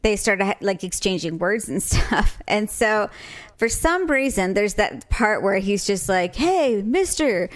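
A woman's voice: mid-range voice, lively intonation, a little slow. A woman chatting casually with her sister, a storyteller who keeps breaking into giggles. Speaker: sister of the other speaker. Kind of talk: casual chat.

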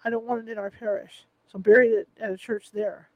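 A man voicing a sleepy, caring wife talking on the phone late at night, in a drowsy, gently reassuring way. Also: sits high, flat delivery, brisk, dry recording, highs cut off, natural voice. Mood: sleepy concern.

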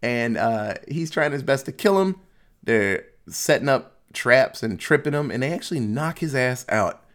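Male podcast host, middle-pitched voice, relaxed jokey plot recap with plenty of swearing. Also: moderate pace. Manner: loose and jokey, swears freely, laughs at the story. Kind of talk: casual movie plot recap.

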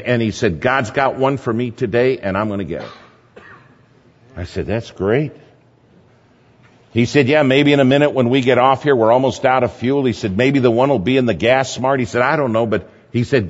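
A man speaking at a church gathering, telling a sermon story in a lively anecdotal way and chuckling at his own tale. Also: mid-range voice. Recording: dull, echoey hall recording.

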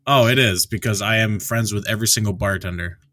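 A man's voice: fairly low pitch, brisk, bright, forceful tone. A man in casual chat who swears freely and laughs often.

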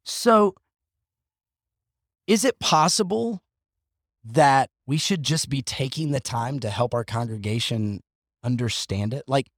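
A man hosting a casual podcast discussion, talking in an animated, joking way with sarcastic asides. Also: medium pitch, takes it slowly, long pauses, no room sound, clean studio sound. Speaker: podcast host.

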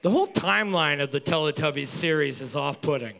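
Contestant, male, high bright voice, wisecracking and crude. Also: lively intonation, brisk, vocal fry. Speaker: quiz contestant and co-host. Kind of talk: joking banter.

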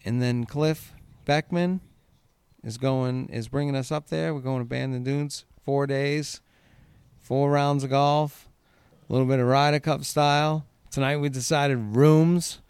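A man's voice: mid-range voice, steady tone, a little slow, darkish tone, clean tone, dry recording. A man hosting a podcast, telling stories in a casual chat, laughing and swearing freely. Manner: laughing, profane storyteller. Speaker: podcast host.

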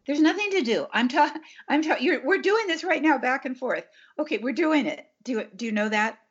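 A woman's voice: high voice, expressive, normal speed. Woman giving relationship advice, pushes back emphatically, acts out couples talking, dull lo-fi audio. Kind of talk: casual conversation.

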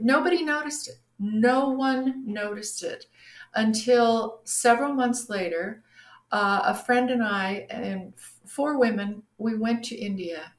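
Middle-aged woman telling her story. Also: medium pitch. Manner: animated, acts out quoted voices. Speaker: guest sharing her story. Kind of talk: casual personal storytelling. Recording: roomy echo.

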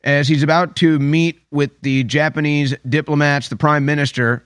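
A man's voice: fairly high pitch, fairly even intonation, moderate pace, fairly bright tone, clean tone, dry recording. Sarcastic guy ranting commentary, repeats himself a lot, dry close mic. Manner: emphatic, sarcastic, repeats phrases. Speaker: political commentator. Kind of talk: opinion commentary monologue.

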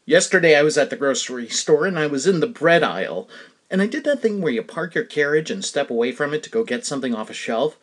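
Wry storytelling podcast host, lively pitch. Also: male voice. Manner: wry, deadpan humor with playful bursts. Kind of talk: comic storytelling monologue.

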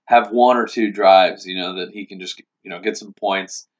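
A man with a somewhat low voice co-hosts a casual sports podcast, analysing games and pausing often to search for words. The audio is muffled and lo-fi. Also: steady tone. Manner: hesitant, searching with uh and you know. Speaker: podcast co-host.

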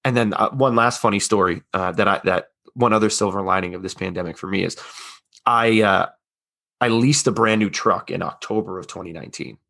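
A man's voice: on the low side, a little fast, creaky, pushed and bright. A man working in sales, a podcast guest, chatting casually and telling anecdotes with a laugh.

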